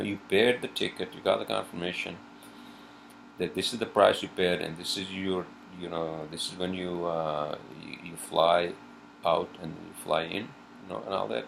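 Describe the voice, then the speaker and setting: A man with a low, gravelly voice rants through an informal podcast chat, circling back on himself and cursing as he vents. A faint hum of ambience sits behind him. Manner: rambling, swearing, venting in frustration. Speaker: podcast host.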